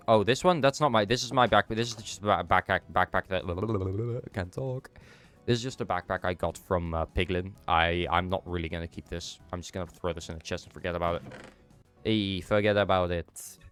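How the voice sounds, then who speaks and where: A young man from the Netherlands streams a game and chats casually with viewers, answering chat as he plays while his nose is stuffed up from a cold. His low voice is fairly bright and smooth, with fairly even intonation, and he talks briskly with few pauses. Faint music plays in the background.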